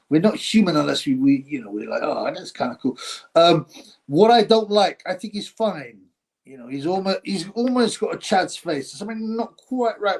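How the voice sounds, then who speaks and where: A middle-aged Englishman hosts a loose live stream, reading out viewer comments and rambling from one thought to the next. His voice sits a little high and carries a gravelly rasp. He laughs often and sometimes drops into mock announcer voices. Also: a little mellow.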